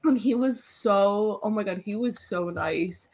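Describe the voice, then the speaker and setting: A young adult woman, a guest on a podcast, chatting in a bubbly, excitable way full of "like"s. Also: mid-range voice, unhurried, a loud crowd. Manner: bubbly, excitable storytelling, many "like"s. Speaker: wrestling interviewer, podcast guest. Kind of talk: casual podcast chat.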